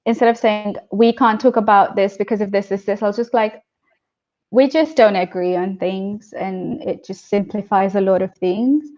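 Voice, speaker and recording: A woman's voice: mid-range voice, moderate pace, a little mellow, muffled recording. A woman guest in a casual interview, chatty, laughing often and acting out what people said. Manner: chatty, laughs often, acts out quoted voices.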